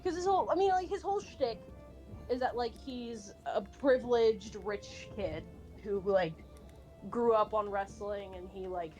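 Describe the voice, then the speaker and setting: A woman's voice: mid-range voice, measured pace, warm tone, soft background music. A woman streamer chatting casually and animatedly, rambling with many fillers and restarts, and swearing now and then. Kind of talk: casual chat while drawing.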